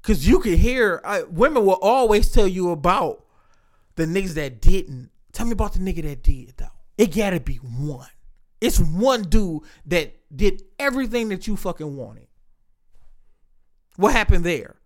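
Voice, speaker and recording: Podcast host, male, high-pitched, talks candidly and profanely about his life. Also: lively intonation, moderate pace. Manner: candid, profane, reflective storytelling. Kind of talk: casual podcast chat.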